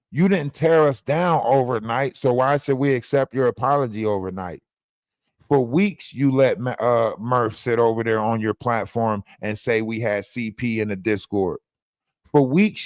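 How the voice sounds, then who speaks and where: A man's voice: mid-range voice, no room sound, studio quality. A man hosting a livestream, ranting in a repetitive, confrontational way, often asking "you know what I mean". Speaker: livestream host. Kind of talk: rambling livestream rant.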